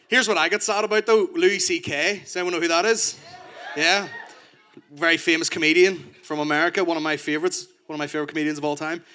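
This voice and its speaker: A man with a Northern Irish accent performing a crude stand-up set, telling stories fast and loose. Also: a little high, steady tone, sharp tone. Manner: crude, rapid storytelling. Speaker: stand-up comedian.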